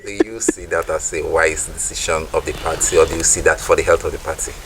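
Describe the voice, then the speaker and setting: A man's voice: extremely low pitch, steady tone, fast, a little hiss or hum, poor audio. A male interviewer asking a guest questions in a polite, formal way. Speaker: interviewer host.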